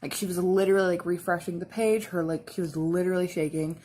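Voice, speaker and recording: A young woman with a slightly husky, breathy voice chats away while she does her makeup. She rambles from one thing to the next and keeps dropping in "like". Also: fairly low pitch, steady tone, fast, a little mellow. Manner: rambling, full of "like" fillers and laughs. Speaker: makeup and cosplay vlogger. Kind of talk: casual chat while doing makeup.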